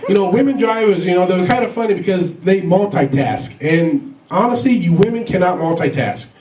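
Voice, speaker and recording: A man's voice: high-pitched, expressive, a little fast, darkish tone, reverberant, recorded from a distance, rough recording. A man doing a stand-up comedy set, rambling through stories with lots of fillers and laughs at his own jokes. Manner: rambling, filler-heavy storytelling with frequent laughs.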